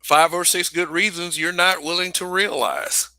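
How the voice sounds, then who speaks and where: A man's voice: high voice, steady tone, moderate pace, sharp tone, no echo. A man hosting a livestream, talking casually and bluntly, swearing, restarting sentences and repeating phrases for emphasis. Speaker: livestream host.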